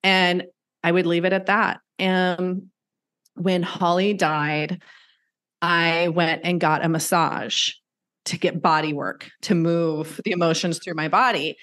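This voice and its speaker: Earnest woman with a low voice. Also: steady tone, slow pace, a bit bright. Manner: earnest, storytelling, acts out quoted reactions. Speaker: podcast guest, grief counselor. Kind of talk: conversational interview talk.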